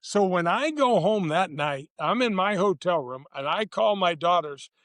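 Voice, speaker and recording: A man's voice: sits high, lively intonation, normal speed, fairly bright tone, no echo. A man in his sixties, a retired tour golfer, telling stories in a casual interview, rambling with restarts and acting out quotes. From St. Louis, USA. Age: 60s.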